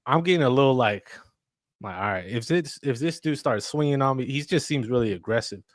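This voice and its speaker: A man's voice: mid-range voice, expressive, a little fast, no room sound, clean studio sound. A man co-hosting a podcast, casually telling a story with lots of fillers and acted-out quotes. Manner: rambling storyteller, acts out quotes, many fillers. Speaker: podcast co-host. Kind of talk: casual chat.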